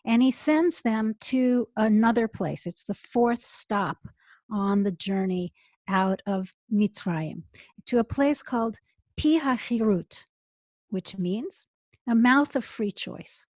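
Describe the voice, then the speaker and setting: Middle-aged woman rabbi, expressive storyteller, slightly high voice, dry close earphone mic. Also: takes it slowly, dry recording. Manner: expressive, builds to emotional peaks. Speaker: rabbi, interview guest. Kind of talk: storytelling in an interview.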